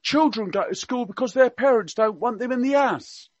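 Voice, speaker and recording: A man voicing a blunt, tactless elderly royal gentleman, trying for a Cockney accent and firing off cheeky, rude one-liners. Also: very high voice, normal speed, no room sound, pitched above the performer's own voice. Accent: attempted Cockney. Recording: dull, dry lo-fi sound.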